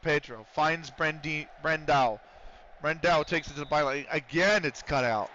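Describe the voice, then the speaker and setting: Male streamer, bright, sharp voice, casual and profane, chat-reading and commentary, dull mic. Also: a little high, measured pace, a little hiss or hum. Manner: swears freely, chats with viewers between play-by-play calls.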